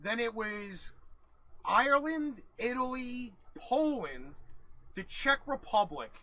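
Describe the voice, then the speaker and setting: A man co-hosting a podcast, chatting casually and rambling haltingly. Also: extremely high pitch, animated, pushed and bright. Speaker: podcast co-host.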